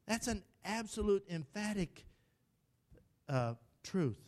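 An older man preaching a sermon from the pulpit, emphatic, urging the congregation to recite with him and shouting lines for emphasis. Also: sits high, big pitch swings, slow pace. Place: church sanctuary at the pulpit.

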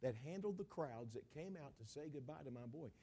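A man's voice: on the high side, lively intonation, fairly quick, dark tone, slightly rough. A preacher voicing a grieving, bitter father. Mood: curt. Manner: insistent, repeats himself. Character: grieving proud older father, bitter toward God.

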